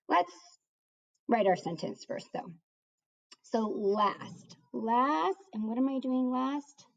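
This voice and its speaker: Slow-talking woman teacher, lo-fi sound. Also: medium pitch, darkish tone, recorded from a distance. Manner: slow, sounds words out syllable by syllable. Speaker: kindergarten teacher. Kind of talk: recorded writing lesson for young children. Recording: dull lo-fi recording.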